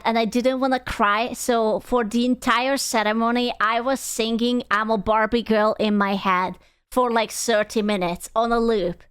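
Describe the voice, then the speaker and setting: A woman's voice: on the high side, fairly bright tone, clear, resonant tone. A woman streaming casually as she reacts to videos, talking bluntly, swearing freely and telling personal stories with little sung bits.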